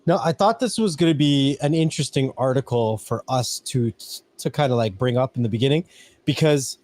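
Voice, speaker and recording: A man's voice: medium pitch, a little mellow. A man hosting a casual live-stream podcast, talking through a point and checking in with "right?" as he goes. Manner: conversational, keeps tagging "right?" onto his points. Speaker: podcast host.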